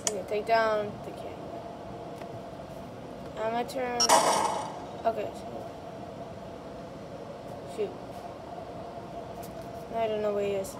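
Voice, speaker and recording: A woman hosting a horror gameplay video. She talks to the game characters in a jumpy, excitable way and rambles with many fillers. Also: a little high, heavy background noise. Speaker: gaming channel host. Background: loud game music.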